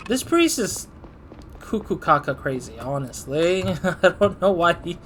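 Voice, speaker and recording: A man's voice: a little high, big pitch swings, a little slow, fairly bright tone, a little hiss or hum. A man giving casual let's-play commentary, thinking aloud and laughing at himself. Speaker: gaming channel host.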